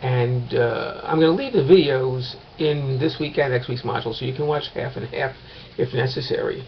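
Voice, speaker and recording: A man's voice: medium pitch, moderate pace, gravelly, muffled recording, slight background noise. A man teaching a course in a casual recorded lecture, talking late at night at home and rambling with many fillers and restarts.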